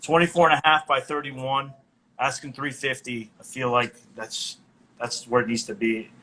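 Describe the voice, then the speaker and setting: A man with a bright, forward tone pitches an item in a relaxed, admiring way. He speaks at a mid pitch with a laid-back flow. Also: moderate pace, slight background noise, low-quality recording. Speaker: vendor. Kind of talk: casual sales pitch.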